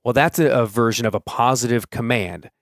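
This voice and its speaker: A man's voice: medium pitch, a little fast, no room sound, clean studio sound. A man in his thirties hosting a solo podcast, talking casually and thinking aloud with fillers and restarts. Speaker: podcast host.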